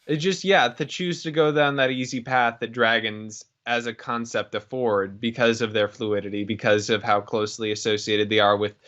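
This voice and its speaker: A man's voice: mid-range voice, fairly even intonation, normal speed, few pauses, fairly bright tone. Man, podcast co-host, casual chat, wry, thoughtful, dull lo-fi recording. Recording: dull lo-fi sound.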